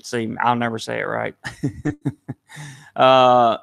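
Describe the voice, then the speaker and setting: A man's voice: medium pitch, fairly even intonation, normal speed, vocal fry, a bit bright. A man with a Southern US accent, hosting a casual live stream and answering viewer comments aloud. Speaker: live-stream vlogger reading chat.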